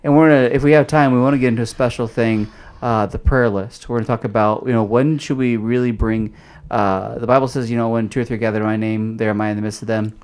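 A man's voice: mid-range voice, steady tone, fast talker, a little mellow, clean tone. Casual young man hosting a faith chat. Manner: loose, filler-heavy explaining. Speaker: host.

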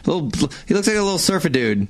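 A man's voice: on the high side, big pitch swings, quick pace. A man hosting a casual radio show, telling stories with lots of laughter and swooping into voices. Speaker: host.

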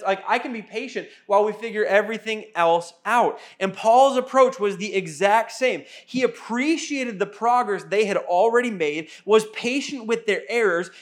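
Young male pastor, high-pitched voice, casual earnest sermon delivery, self-mocking humor.

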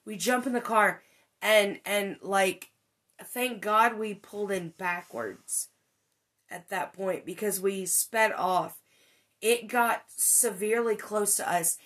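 Animated woman telling a ghost story. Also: medium pitch, takes it slowly. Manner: animated, many fillers, swears when excited. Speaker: podcast host. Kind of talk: casual storytelling chat.

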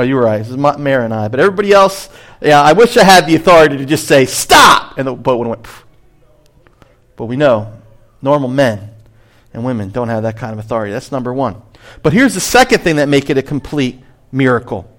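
A man preaching a sermon as pastor, animated, rising high to stress a point and dropping low on asides. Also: fast talker.

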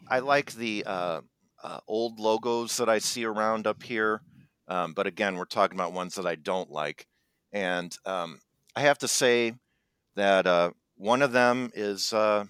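Very deep, smooth-voiced rambling man. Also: a bit bright, no echo, studio quality. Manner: rambling, hesitant, full of ums and uhs. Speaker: co-host. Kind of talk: comedic casual chat.

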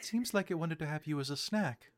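A man narrating as game master in a casual, animated way. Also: on the high side, a little fast.

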